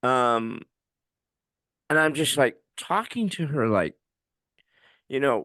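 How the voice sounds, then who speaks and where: Male podcast co-host, lively swinging pitch, raw emotional storyteller who swears, dry close sound. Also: takes it slowly, pauses often, dry recording. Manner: raw, swearing, quotes himself shouting.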